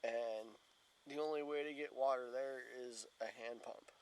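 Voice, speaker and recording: A man's voice: mid-range voice, fairly even intonation, unhurried, a little mellow, clear, resonant tone, rough recording. A tired man talking casually to the camera from his tent at a campsite, rambling and yawning. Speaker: outdoors vlogger. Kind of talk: casual solo camping vlog.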